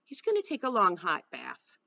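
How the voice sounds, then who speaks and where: A woman narrating a first-person novel aloud with a steady storytelling delivery. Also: on the low side, normal speed, creaky, dull audio. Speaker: audiobook narrator.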